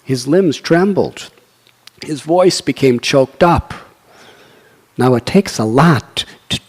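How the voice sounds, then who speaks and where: A man, a monk teaching scripture, giving an earnest devotional sermon in a soft, fervent storytelling manner. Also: medium pitch, husky. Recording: echoey hall.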